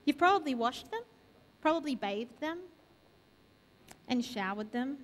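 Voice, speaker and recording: A woman with a high voice delivers a sermon to her congregation. She leans on repeated questions to draw the listeners in. Her voice carries a long reverb from the church hall around her. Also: lively intonation, unhurried. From Australia. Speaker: preacher. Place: church sanctuary.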